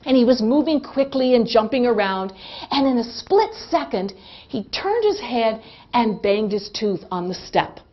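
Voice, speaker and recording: A middle-aged woman telling a humorous personal anecdote in an animated way, often laughing. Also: fairly high pitch, a little slow, dull audio. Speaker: storyteller.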